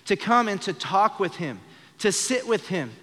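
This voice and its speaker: A man's voice: high voice, big pitch swings, unhurried, sharp tone, long reverb tail. A young man preaching an earnest sermon during a live church service, shifting his voice to act out the lines he quotes. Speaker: pastor.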